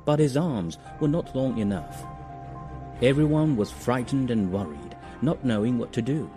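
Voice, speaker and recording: A male narrator reading a children's story in an expressive, storybook manner. His voice rises and falls with lively inflection. Clear music runs underneath. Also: mid-range voice, moderate pace. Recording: music behind.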